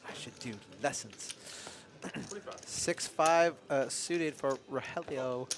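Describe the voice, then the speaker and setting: In a card room, with crowd noise behind him, a man gives casual live poker commentary in a mid-range voice, taking it slowly. He's chatty, loose, and rambling, laughing often.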